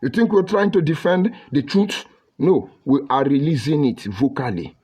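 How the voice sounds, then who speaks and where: A man's voice: on the high side, expressive, normal speed, darkish tone. A middle-aged man with a Nigerian English accent mixed with Pidgin, hosting a livestream where he reads viewer comments in a combative, mocking, preachy way. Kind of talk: live broadcast reading viewer comments.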